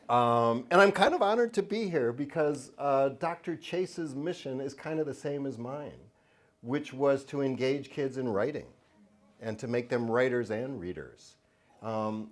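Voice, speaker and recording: A children's book author with a mid-range voice gives a funny lecture to an audience in a university lecture hall during an event. He's joking and self-mocking, often laughing between lines.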